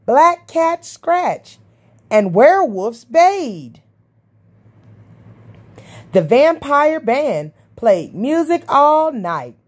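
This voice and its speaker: A woman reading a rhyming picture book aloud in a sing-song rhythm. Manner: sing-song rhythm, jumping high for the creature calls. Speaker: storybook reader.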